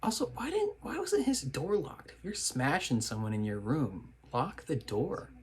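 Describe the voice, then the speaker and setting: A man's voice: a little high, sing-song, measured pace. A man hosting a reaction video, talking back at the screen in exasperated, casual commentary.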